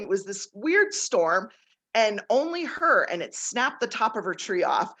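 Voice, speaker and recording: A woman guest on a casual interview, telling personal stories in an animated way and laughing often. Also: mid-range voice, moderate pace. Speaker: guest author, nature intuitive.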